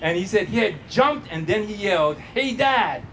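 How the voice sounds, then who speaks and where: Pastor guy preaching hard, call and response w the crowd, pretty high voice. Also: fairly quick, a bit bright, a little hiss or hum, low-quality recording. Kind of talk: sermon.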